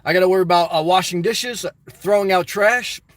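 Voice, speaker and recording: A man live-streaming a casual vlog, reading comments aloud and answering them in an animated, repetitive, exclamatory way. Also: sits high, a little fast, no room sound. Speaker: YouTube vlogger answering live chat.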